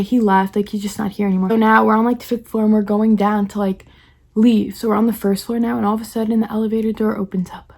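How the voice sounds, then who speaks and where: Fast-talking young woman telling a story. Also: mid-range voice, dark tone. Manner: rapid, chatty, heavy use of "like", acts out quoted lines. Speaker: vlogger. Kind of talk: excited storytelling vlog.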